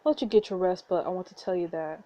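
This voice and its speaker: A woman voicing a gentle young man who heals and reassures, reading a story game aloud in a soft, reassuring way. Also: on the low side, fast talker, highs cut off, close to an everyday voice. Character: gentle young male doctor-like healer.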